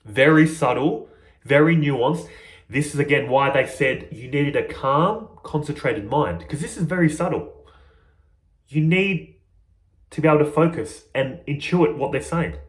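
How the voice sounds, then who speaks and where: Guy giving a chill spiritual talk, kinda high voice, roomy echo. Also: a little slow. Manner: earnest, conversational, addresses viewers as guys. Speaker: spiritual teacher. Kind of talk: informal spiritual teaching.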